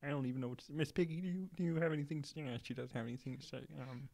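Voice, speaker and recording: A man chatting casually as a show guest, joking in a halting way with many ums and uhs. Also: mid-range voice, darkish tone. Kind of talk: casual chat. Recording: faint background noise.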